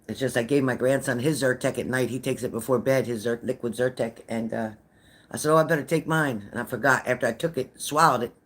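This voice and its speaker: A woman's voice: rumbling low, quick pace. An older woman, a psychic medium, chatting casually with viewers on a live stream, greeting them by name and repeating herself.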